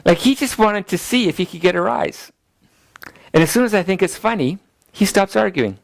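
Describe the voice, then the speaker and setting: A middle-aged man, a pastor, teaching a class in a relaxed, chatty way and laughing at his own family stories. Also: sits high, moderate pace, vocal fry, no room sound. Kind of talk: teaching lecture with family anecdotes.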